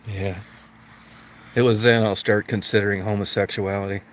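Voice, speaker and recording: A man's voice: on the low side, little pitch movement, normal speed, slight background noise. A man hosting a livestream, ranting crudely with constant swearing and mock outrage. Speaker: livestream host. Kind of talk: profane comedic rant.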